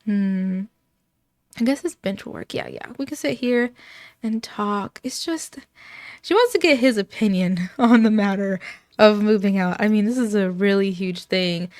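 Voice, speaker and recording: A woman's voice: medium pitch, dry recording, studio quality. A woman giving chatty, giggly commentary while playing a story game. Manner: chatty and giggly, with many fillers. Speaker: let's player.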